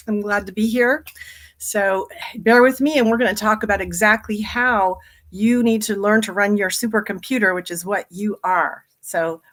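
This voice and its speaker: A woman's voice: mid-range voice, a bit bright. A middle-aged woman, a hypnotherapist and business coach, giving a chatty, upbeat live training talk and laughing easily.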